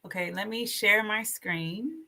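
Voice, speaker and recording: Lively, bright-voiced woman hosting a livestream. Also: medium pitch, measured pace. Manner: chatty, animated, reads aloud from notes. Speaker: livestream host. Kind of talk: casual livestream talk. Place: indoors at a computer, sharing her screen.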